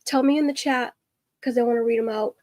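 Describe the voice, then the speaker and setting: Woman, livestream host, casual chat with viewers, high voice, earnest, rambling, dry close sound. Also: fairly even intonation, brisk, darkish tone, dry recording. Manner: chatty, rambling, earnest, trails off and restarts.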